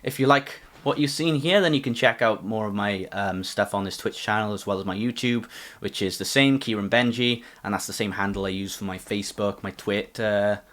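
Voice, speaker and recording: A man's voice: lowish voice, a little fast, hardly any pauses, fairly bright tone. A man from England hosting a podcast and streaming, talking casually with lots of restarts and fillers. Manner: rambling, many restarts and fillers. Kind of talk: casual chat.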